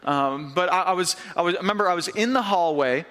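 A young man gives a sermon in a church hall with long reverb. His voice sits high and sounds bright and forceful. He tells his story in a lively, conversational way. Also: brisk. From upstate New York. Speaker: pastor.

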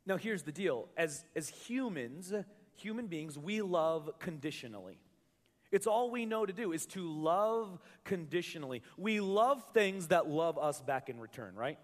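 A man's voice: on the high side, expressive, measured pace. Guy preaching to his church, chatty and jokey, trips over words a lot, big echoey hall. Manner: conversational, joking, repeats words when restarting. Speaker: pastor. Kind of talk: sermon. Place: church hall with a live congregation.

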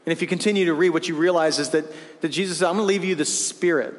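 Man, pastor, high voice, conversational sermon, frequent restarts, long church reverb. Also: rapid-fire. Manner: conversational preaching, many restarts and asides. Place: church sanctuary.

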